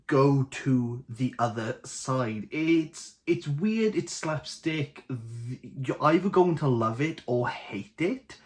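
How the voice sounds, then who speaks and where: A young man with a Welsh Valleys accent, chatting casually and jokily to camera as host of a book channel. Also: mid-range voice. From Wales. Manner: chatty, jokey, animated.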